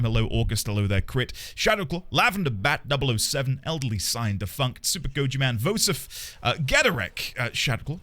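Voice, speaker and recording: A man's voice: mid-range voice, a bit bright. A man live-streaming a game, chatting casually with viewers, greeting them by name and playing up mock outrage.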